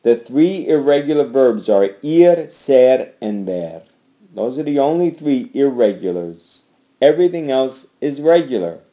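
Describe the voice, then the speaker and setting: Guy teaching a slide lesson, talks slow and repeats endings, muffled lo-fi audio. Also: mid-range voice, animated, warm tone. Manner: drills verb endings aloud, repeating and encouraging. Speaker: Spanish teacher. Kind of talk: recorded slide lecture.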